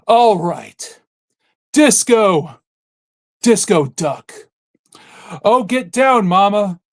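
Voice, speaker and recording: A man hosting a casual podcast, reading silly lyrics aloud in a deadpan, mock-dramatic recital. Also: high-pitched, extremely slow, dry recording, studio quality. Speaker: guest host.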